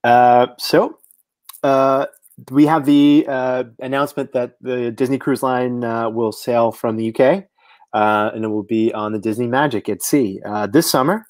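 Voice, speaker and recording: A man's voice: mid-range voice, fairly even intonation, unhurried, a little mellow, no echo. A man in his thirties co-hosting a podcast, talking casually and hesitantly, with many filler words. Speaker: podcast co-host. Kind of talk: casual news chat.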